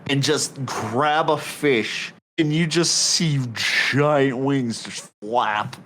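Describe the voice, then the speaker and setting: A man acting as game master, narrating a tabletop game in a relaxed, halting way, often chuckling. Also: mid-range voice, a little hiss or hum, low-quality recording.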